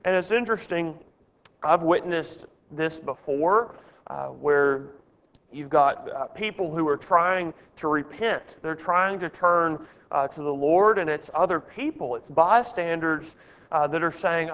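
A man's voice: a little high, a little slow, a bit bright, smooth, big-room sound. Earnest man leading a Bible study. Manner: earnest, asks the group questions.

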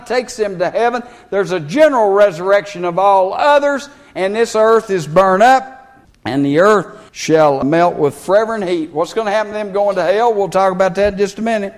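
A male preacher, preaching a folksy sermon with plain grammar and scripture quotes. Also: high-pitched.

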